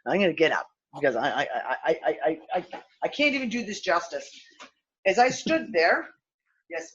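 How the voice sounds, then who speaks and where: A woman hosting a loose, casual discussion over a video call. She tells her story with lots of swearing and plays out people's lines in their voices. Her voice sits at a middle pitch, and the recording sounds a little muffled and lo-fi. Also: breathy edge. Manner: animated, profane, acts out quotes. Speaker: host of a spiritual discussion show. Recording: slightly dull lo-fi sound.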